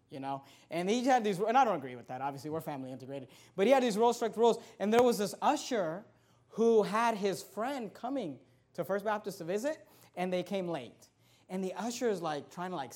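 A pastor preaching a sermon, moving from conversational storytelling into forceful, raised-voice preaching. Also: male voice, high voice.

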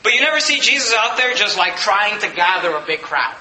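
A male pastor preaching a sermon, emphatic and full of rhetorical questions, rising to shouts at the peaks. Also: sits high, sing-song, brisk, slight background noise. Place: church sanctuary. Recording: echoey church room.

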